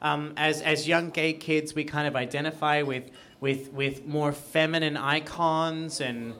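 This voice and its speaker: A man with an Australian accent, softened toward American, co-hosting a casual podcast with camp, theatrical storytelling. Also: on the high side, fairly even intonation, unhurried. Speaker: podcast co-host.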